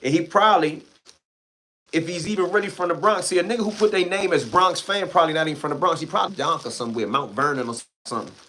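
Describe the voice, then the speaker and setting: On his livestream, a Washington, D.C. host with a D.C. accent rants back at chat using blunt, heated street talk laced with profanity. His voice is on the high side, pushed and bright, and he talks at a quick pace. A little hiss or hum runs underneath.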